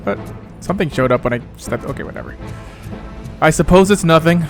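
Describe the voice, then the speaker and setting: A man's voice: on the high side, very animated, fairly quick, vocal fry. A young man giving casual, joking let's-play commentary, swearing and laughing as he plays. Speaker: gamer. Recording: game music behind.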